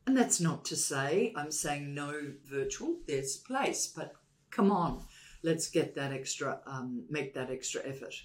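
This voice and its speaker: A woman's voice: deep voice, expressive, measured pace. A woman, a communication expert interviewed as a guest, who talks emphatically and repeats points for stress. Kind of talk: conversational interview.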